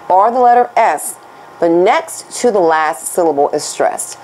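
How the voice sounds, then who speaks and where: A woman teaching a scripted Spanish lesson, speaking slowly and deliberately as she switches between English and Spanish. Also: mid-range voice, darkish tone, low-quality recording.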